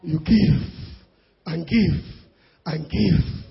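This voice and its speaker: A male preacher with a Nigerian accent delivering a sermon emphatically, repeating phrases and breaking into shouts. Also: on the high side, extremely slow, vocal fry, husky, soft background music. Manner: emphatic, repetitive, bursts of shouting. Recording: dull lo-fi sound.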